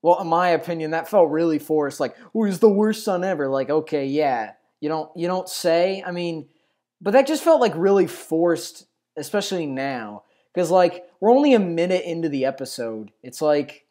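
A man's voice: on the high side, animated, moderate pace, dark tone. A man hosting a reaction video, reacting with incredulous exclamations. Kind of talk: casual reaction commentary.

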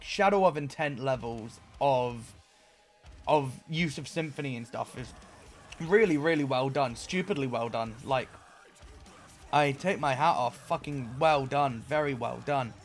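A man giving an excitable, sweary, rambling casual reaction to music as host. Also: fairly high pitch.

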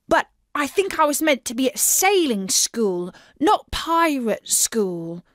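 A woman's voice: high-pitched, big pitch swings, slow, pitched above the performer's own voice, full character voice. A woman voicing an eager but nervous young boy who wants to go to sailing school, in a read-aloud storybook. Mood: earnest.

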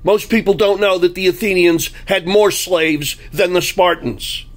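A man's voice: sits high, fairly even intonation, unhurried. A man delivering a blunt, combative political monologue, full of anecdotes. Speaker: political commentary host.

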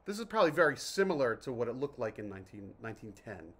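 A man's voice: mid-range voice, sing-song, rapid-fire, fairly bright tone. A man from New Jersey hosting a casual vlog, reviewing mineral water in a chatty, jokey, self-interrupting way. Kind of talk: casual rambling vlog talk.

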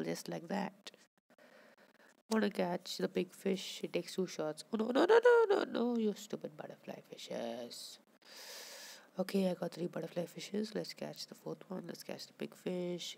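Woman gaming commentator, mellow dark tone, unhurried and chatty. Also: on the low side, gravelly. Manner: chatty, talks to viewers and to the fish on screen. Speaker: gameplay commentator. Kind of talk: casual gameplay commentary.

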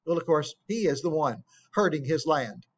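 High-voiced man explaining a play. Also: animated, moderate pace, breathy edge. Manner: plain, explanatory, asks rhetorical questions. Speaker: teacher. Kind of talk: explaining a play and reading quotes aloud. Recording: dull lo-fi recording.

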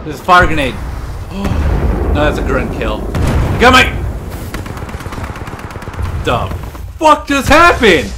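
An excitable man talks through his own shooter match, cursing freely and whooping at his kills. His voice sits high and leaps around a lot, though he takes his time between words. A steady hiss of game noise runs under everything he says. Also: takes it slowly, pauses often. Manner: excitable, swears often, laughs and shouts at big kills. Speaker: gamer commentating his own gameplay. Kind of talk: let's play commentary.

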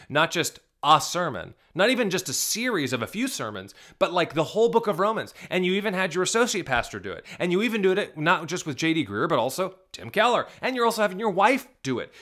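A man's voice: fairly high pitch, fairly bright tone. A male pastor giving video reaction commentary, emphatic and indignant, firing rhetorical questions at his viewers. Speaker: Southern Baptist pastor.

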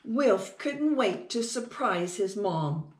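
A woman's voice: medium pitch, expressive, slow, roomy sound. A woman reading a picture book aloud to children, sing-song and asking them questions. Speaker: children's storytime reader.

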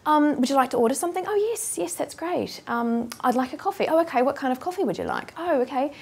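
A woman voicing a polite, chatty café customer and barista, in a high, sing-song way. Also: lively intonation, quick pace, vocal fry, darkish tone. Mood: polite cheer.

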